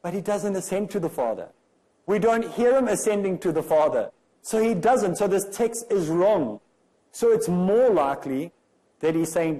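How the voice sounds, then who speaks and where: A South African man gives a comparative religion lecture, pressing his points emphatically with many rhetorical questions. His voice is somewhat high for a man yet warm and mellow rather than bright, his pace moderate, and the audio poor.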